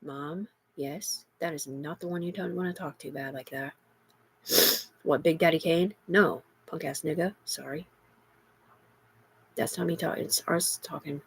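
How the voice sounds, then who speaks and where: A woman's voice: low-pitched, unhurried, long pauses, husky. A middle-aged woman in an agitated, rambling livestream monologue, heavy with profanity.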